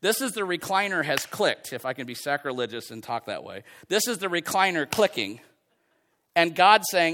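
A man preaching a sermon in a loose, conversational way, his voice sitting a little on the high side. He reads scripture aloud and slips into everyday quoted voices to drive his points home. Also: expressive, moderate pace, pushed and bright.

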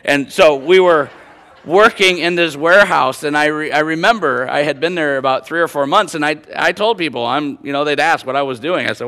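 A middle-aged pastor from Northern Illinois, preaching a sermon through a personal workplace story with preacherly emphasis. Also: male voice, fairly high pitch, brisk, pushed and bright.

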